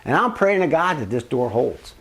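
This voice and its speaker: A man with a husky, medium-pitched voice and normal speed rambles casually through a family story of his own. He's animated, voicing the quoted lines himself along the way.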